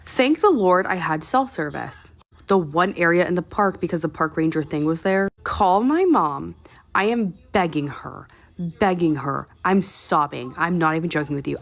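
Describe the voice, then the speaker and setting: A woman's voice: fairly low pitch, animated, normal speed, gravelly. A woman telling a personal story in a casual, exasperated and profane way, with dramatic comic complaining. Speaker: storytime vlogger.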